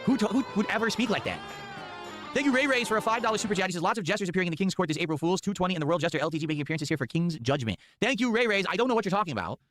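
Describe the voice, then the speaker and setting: A man's voice: sits high, animated, racing, a bit bright, faint music behind. A man streaming, reacting to video clips with incredulous, sarcastic commentary and plenty of swearing.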